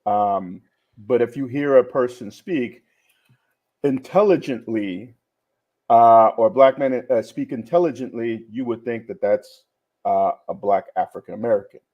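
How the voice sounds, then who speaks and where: A man on a casual panel chat, explaining his view in a measured, step-by-step way. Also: medium pitch, muffled recording.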